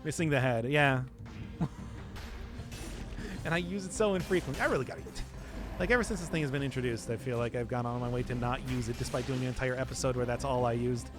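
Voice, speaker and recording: A man's voice: mid-range voice, fast talker, music in the background. A young man streaming a video game, chatting casually, answering chat and laughing at himself often. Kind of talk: casual gameplay commentary.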